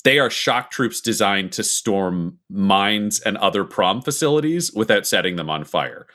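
A man's voice: lowish voice, lively intonation, a little slow, pushed and bright. A man, narrating a tabletop game as game master, explaining the setting as he thinks aloud.

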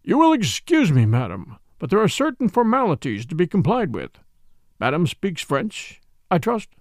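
A man's voice: high-pitched, wildly swooping pitch, moderate pace, no echo, clean studio sound, full character voice. A man reading an audiobook voices a pompous, self-important French police commissary who speaks formally.

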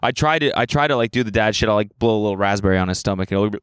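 A young man co-hosting a podcast in casual chat, animated and swearing freely as he acts out quoted lines in a raised voice. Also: fairly low pitch, racing, clear, resonant tone, dry recording, clean studio sound. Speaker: podcast co-host.

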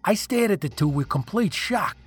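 A man's voice: high-pitched, lively intonation, normal speed, husky. A man reading a first-person story aloud, telling it dramatically and with emotion. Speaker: narrator. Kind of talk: first-person scripted narration.

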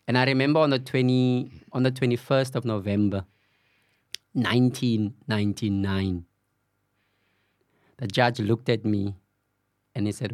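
A man's voice: mid-range voice, fairly even intonation, normal speed, long pauses, no echo, studio quality. A middle-aged man, a podcast guest candidly telling a story and acting out what people said. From South Africa, Cape Flats. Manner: recounts events with acted-out quoted dialogue and frequent "you know".

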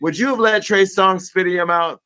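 A man hosting a chatty talk show, his voice sitting a little higher than most men's. He jokes and curses freely in quick, loose banter. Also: bright, forceful tone, clean tone. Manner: profane, joking, rapid banter. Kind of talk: casual chat.

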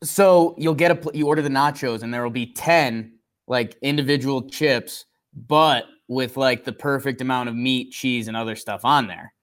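A man co-hosting a casual sports podcast, rambling and self-deprecating, turning animated when he recaps the game. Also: medium pitch, normal speed. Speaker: podcast co-host.

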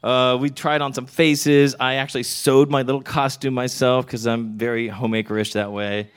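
A man's voice: mid-range voice, level tone, normal speed, smooth. Middle-aged man from Texas, live comic storyteller, wry and candid, punchline-driven.

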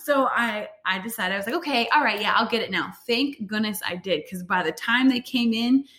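A young woman casually and candidly telling a personal birth story, with frequent fillers and lively retellings. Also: fairly high pitch, a little fast. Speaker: vlogger sharing a birth story. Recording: roomy echo.

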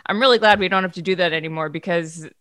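A woman's voice: on the low side, quick pace, fairly bright tone, dry recording, clean studio sound. A woman from the area, co-hosting a sports podcast in wry, teasing casual chat. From Boston area. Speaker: podcast co-host.

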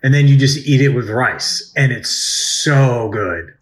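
A man's voice: medium pitch, takes it slowly. Guy cohosting a food podcast, jokey and laid back, swears a bit. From United States. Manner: playful, swears casually, jokey. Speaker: podcast co-host. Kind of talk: casual chat.

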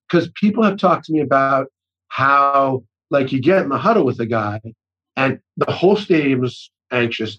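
Husky-voiced man, rambling storyteller. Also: mid-range voice, fairly bright tone, lo-fi sound. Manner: rambling, self-interrupting with many restarts and acted-out quotes. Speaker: actor-director guest. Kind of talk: casual storytelling conversation.

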